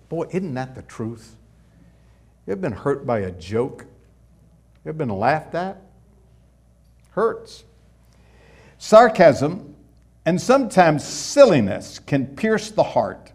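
A middle-aged male pastor preaching a sermon in a conversational way, asking rhetorical questions and dropping suddenly soft. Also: fairly high pitch, very animated, takes it slowly, pauses often.

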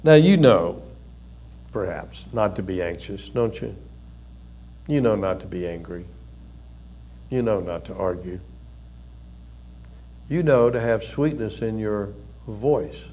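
An older man, a pastor and counselor, giving a conversational sermon with folksy stories and soft chuckles. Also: on the low side, lively intonation, slow, pauses often.

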